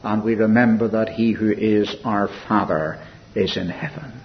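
A man preaching a sermon in an earnest, reflective way, softening and slowing when he quotes scripture. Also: on the low side, fairly even intonation. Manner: earnest, reflective preaching with soft, slowed quotations. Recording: dull lo-fi recording with faint hiss.

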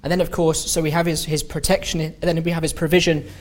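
A man preaching at a meeting, unhurried and halting, often restarting phrases and drawing out key words for emphasis. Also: on the high side, flat delivery. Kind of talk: sermon-style Bible study talk. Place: meeting hall.

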